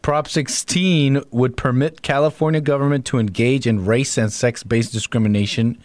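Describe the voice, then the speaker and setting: A man on a radio talk show panel, lively and joking around with the host. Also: mid-range voice, normal speed, no echo. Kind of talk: casual studio talk show.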